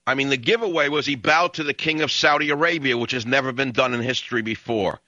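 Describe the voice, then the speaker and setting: A man's voice: medium pitch, fast, pushed and bright, no echo. A man hosting a talk radio show, ranting and sarcastic as he cuts in on callers. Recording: dull lo-fi broadcast audio.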